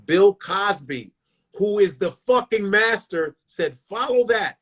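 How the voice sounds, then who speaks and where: Middle-aged comic, husky, slightly high, profane and animated storyteller. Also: male voice, slow. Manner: profane, animated, full of restarts. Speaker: stand-up comedian, guest. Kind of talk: casual storytelling.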